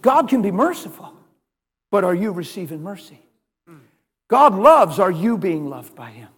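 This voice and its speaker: A man preaching a sermon, telling a personal story and swinging from hushed, soft lines to loud, emphatic ones. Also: high-pitched, sing-song, unhurried, breathy edge, in a large hall.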